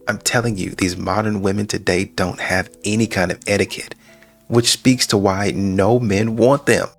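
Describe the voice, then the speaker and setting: A man's voice: fairly low pitch, fairly even intonation, moderate pace, creaky, soft background music. A man giving reaction commentary in a dry, mocking way. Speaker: reaction channel host.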